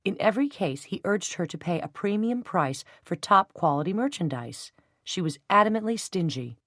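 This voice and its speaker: The speaker is a woman audiobook narrator giving scripted narration of a novel in an even, measured storytelling voice. Her voice is lowish, and the studio-quality recording is dry.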